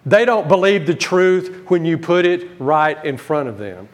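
Man, preacher, Bible teaching sermon, emphatic, fairly high voice. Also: lively intonation, measured pace. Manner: emphatic, rising to stress key words then dropping low.

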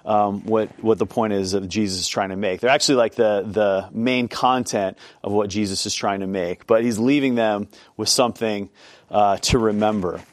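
A man's voice: fairly low pitch, moderate pace, no room sound. Chatty man teaching a Bible class. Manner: chatty, self-deprecating, many fillers. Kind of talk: informal Bible class talk.

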